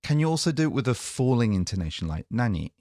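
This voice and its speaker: A man's voice: mid-range voice, sing-song, fast, dark tone, no room sound, studio quality. A man co-hosting a casual language-lesson podcast, chatty and joking about himself. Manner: joking, self-mocking, chatty. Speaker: podcast co-host.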